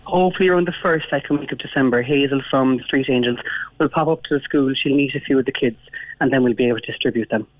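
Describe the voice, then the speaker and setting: Fast-talking Irish teacher on a phone line. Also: male voice, mid-range voice, no room sound. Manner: quick, earnest, community-minded. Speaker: primary school teacher, phone guest.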